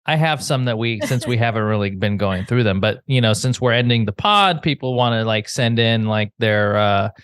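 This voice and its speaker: A man's voice: fairly low pitch, moderate pace, hardly any pauses, fairly bright tone, clean tone, no echo. A man co-hosting a podcast in easygoing, chatty talk. His voice sits dry and close, with hardly any room around it. He reads out listener emails in a loose, conversational way. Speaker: podcast co-host. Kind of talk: casual chat. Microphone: remote call mic.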